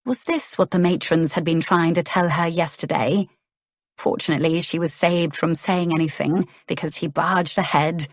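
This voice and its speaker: Woman narrator, low voice, measured gentle storytelling, dry studio sound. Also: fairly even intonation, no echo. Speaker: audiobook narrator. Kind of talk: scripted romance narration.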